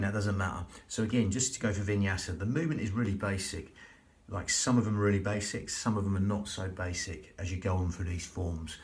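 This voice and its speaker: A man leading a slow, soothing, repetitive breathing and relaxation class as a yoga instructor. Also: low voice.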